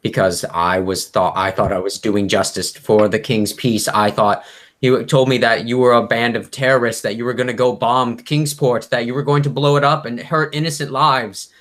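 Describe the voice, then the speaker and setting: A man's voice: sits low, fairly even intonation, slow, a bit bright, full character voice. A man voicing a frightened balding male prisoner who stammers and pleads desperately. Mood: tearful confession.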